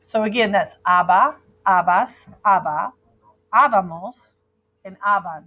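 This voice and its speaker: A woman leads a classroom grammar lesson at an unhurried, steady pace. She drills verb endings call-and-repeat style, patient and clear. Her pitch sits in a plain middle range for a woman. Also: muffled recording. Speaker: Spanish teacher.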